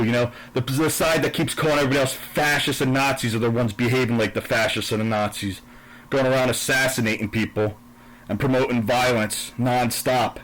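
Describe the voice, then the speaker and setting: A man at a middle pitch talks in a blunt, profane, combative way. He slides into heavy sarcasm and argues with his listeners as he goes through his football picks. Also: low-quality recording. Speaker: sports and politics commentator. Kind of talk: angry political rant and football picks recap.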